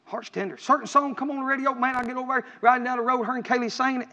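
A middle-aged man preaches in a very high voice, swinging from fervent shouts to low, earnest asides. His words ring out through a large, echoing church hall. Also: little pitch movement, racing, lo-fi sound. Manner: impassioned, rising to shouts then dropping low. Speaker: pastor. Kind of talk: preaching sermon.

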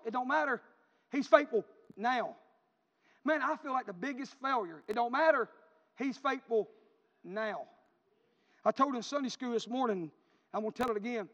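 A man's voice: very high-pitched, a bit bright. A man preaching a sermon as a pastor, telling stories with fervent repetition. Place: church sanctuary. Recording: dull lo-fi recording with long church reverb.

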